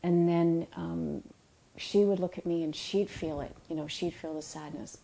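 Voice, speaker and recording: A middle-aged woman, an author, giving a reflective talk about emotions in a soft, unhurried and tender way, with pauses. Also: lowish voice, fairly even intonation, rough recording. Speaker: author and yoga teacher.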